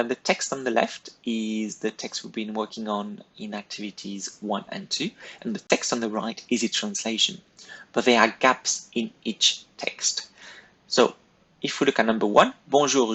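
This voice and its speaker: In a recorded French lesson, a man patiently gives pupils step-by-step instructions at a clear pace. His lowish voice sounds pushed and bright, and the recording is low quality.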